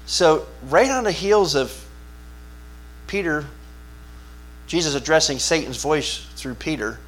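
A man preaching a sermon as pastor, talking conversationally and asking his listeners questions, swinging from hushed asides to loud, emphatic bursts. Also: on the high side, lively intonation, slow. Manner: conversational, asks the congregation questions.

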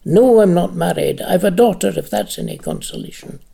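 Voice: mid-range voice, wildly swooping pitch, normal speed, vocal fry, mellow, breathy edge, heavily acted. A reader voicing a grown son who is brusque, urgent and impatient, as an audiobook character. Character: adult son, urgent, curt and protective.

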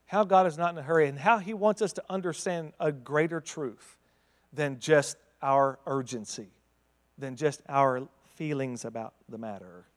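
A man with a high-pitched voice preaches a dramatic sermon. He swings from fiery outbursts to hushed, intense asides and keeps throwing rhetorical questions at the congregation. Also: moderate pace, in a large hall. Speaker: pastor.

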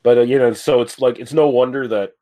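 A man's voice: mid-range voice, fairly even intonation, brisk, dark tone. A man co-hosting a casual film podcast, rambling with fillers and casual swearing. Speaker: podcast co-host. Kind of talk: casual movie discussion.

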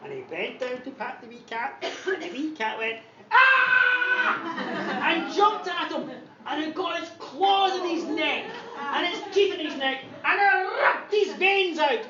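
A Scottish woman telling a comic horror story in an animated, dramatic way, often laughing. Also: high voice, normal speed. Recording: echoey distant dull recording, noisy.

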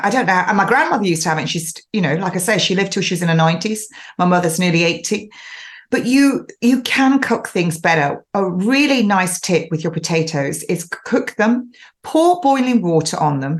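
A woman's voice: fairly low pitch, lively intonation, a little fast. Chatty woman host giving advice. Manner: chatty, instructive, laughs now and then. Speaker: show host. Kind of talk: casual advice monologue.

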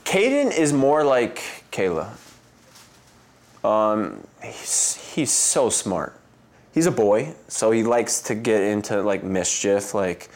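Chatty man telling stories, low voice. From United States. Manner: animated storyteller who acts out quotes with a jump in pitch; loose and chatty, laughs often. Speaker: interview guest, athlete. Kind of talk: casual interview storytelling.

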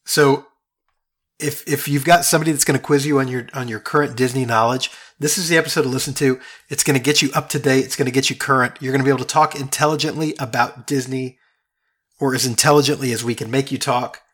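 Male podcast co-host, husky, casual, conversational. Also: mid-range voice, fairly even intonation, fast talker, a bit bright. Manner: chatty, fond of restarts.

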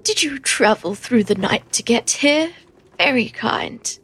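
A woman voicing a kindly elderly village elder who speaks softly and gravely. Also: a little high, animated, unhurried, full character voice. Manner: soft, confiding, grave.

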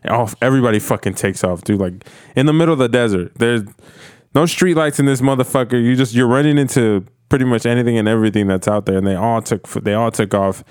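A man's voice: mid-range voice, fast talker, darkish tone, smooth, dry recording, clean studio sound. A man telling a story in a casual chat among friends, laid-back and profane, laughing easily.

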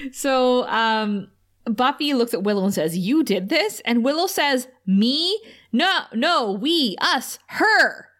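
A woman co-hosting a casual podcast, recapping a TV episode with frequent laughter and acted-out quotes. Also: a little high. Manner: animated, laughs often, acts out quoted lines.

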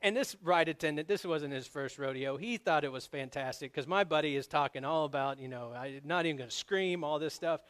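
A man delivers a sermon from the pulpit, his voice sitting a touch higher than most men's. He tells personal stories with animated energy, pushing louder and higher when he drives a point home. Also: fairly quick, hardly any pauses. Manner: storytelling, animated, grows loud on emphasis. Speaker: pastor.

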